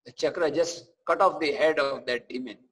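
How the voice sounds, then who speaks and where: A man giving a scripture class, telling stories in a chatty, animated way with asides to listeners. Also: fairly high pitch, moderate pace, slightly rough, poor audio. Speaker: preacher.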